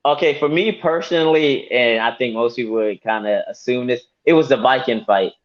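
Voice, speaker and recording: A man, a fighter, talking casually in an interview, animated and laughing often. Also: medium pitch, brisk. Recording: dull lo-fi audio.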